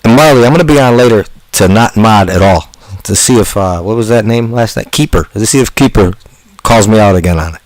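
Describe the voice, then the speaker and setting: Joking low-voiced man, dry sound. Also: brisk, no echo, low-quality recording. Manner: joking, teasing, swearing. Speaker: livestream co-host. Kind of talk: casual chat.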